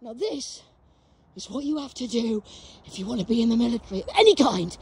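A woman ranting profanely outdoors in a graveyard, shouting at unseen enemies on a phone camera. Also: a little high, expressive, a little fast, slightly rough. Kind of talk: ranting spiritual vlog.

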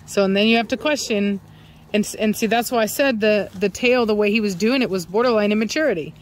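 A woman's voice: mid-range voice, fast, a little hiss or hum. A woman, a dog breeder talking casually outdoors while she watches her dogs and fills her speech with ums and likes. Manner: chatty, lots of fillers, voices her dogs' thoughts. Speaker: dog breeder and channel host. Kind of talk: casual outdoor vlog narration.

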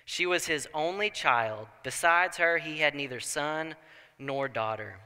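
A young man preaching a sermon in a church, telling the story with animated asides and acting out people's thoughts. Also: a little high, unhurried, clean tone. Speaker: pastor. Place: church sanctuary. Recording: long church hall reverb.

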